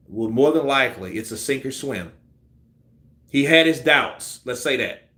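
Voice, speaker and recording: A man's voice: medium pitch, roomy sound. A man giving casual, profane boxing commentary on a live stream, acting out punch combinations. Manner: animated, profane, acts out punch sequences.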